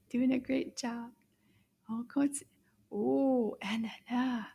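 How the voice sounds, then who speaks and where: A woman teaching French to young children, slow and encouraging, praising often. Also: fairly high pitch, gravelly, warm tone, breathy edge. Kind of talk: children's language lesson.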